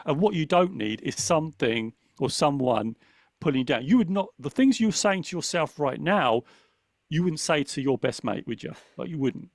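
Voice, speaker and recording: A man's voice: a little high, animated, normal speed, gravelly, dry recording. A man co-hosting a podcast, talking earnestly and reflectively in casual chat, often checking in with "right?". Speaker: podcast co-host.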